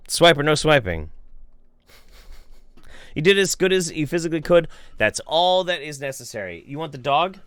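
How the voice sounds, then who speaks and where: A man's voice: a little high, fairly bright tone, clear, resonant tone, no echo. A man hosting a live stream, reading viewer messages with crude, joking banter. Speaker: streamer host. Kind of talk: casual live-stream chat.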